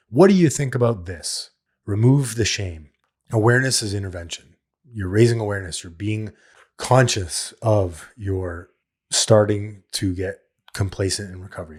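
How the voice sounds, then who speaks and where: A man's voice: lowish voice, breathy edge. A man hosting a solo recovery podcast, talking in an earnest, plain-spoken way and repeating his key points. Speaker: podcast host.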